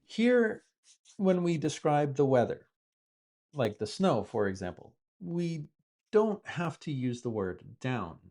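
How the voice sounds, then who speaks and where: A man's voice: a little high, very animated, takes it slowly, darkish tone. A man teaching English, explaining word use patiently with repeated examples as a native speaker. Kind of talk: explaining vocabulary from the news.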